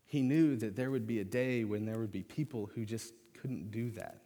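A man's voice: mid-range voice, normal speed, warm tone. A man delivering a sermon from the pulpit, speaking in an earnest, conversational way with casual fillers. His mid-range voice rings out with a long reverb that trails off through a large church hall. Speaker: pastor.

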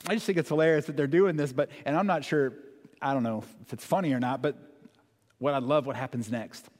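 A man preaching a sermon in a church, talking in an animated, conversational way with dramatic emphasis. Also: mid-range voice, brisk. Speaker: pastor. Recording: long hall reverb.

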